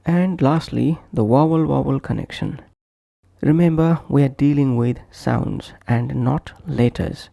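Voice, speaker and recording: A man giving a scripted pronunciation lesson, slowly repeating each example word pair. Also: medium pitch, creaky, dark tone, no echo, clean studio sound. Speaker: pronunciation teacher.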